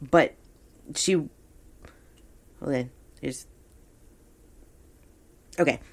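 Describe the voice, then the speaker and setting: Woman podcast host, psychic reader, deep-ish voice, easygoing and halting. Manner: hesitant, relaxed, many fillers. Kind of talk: casual podcast reading.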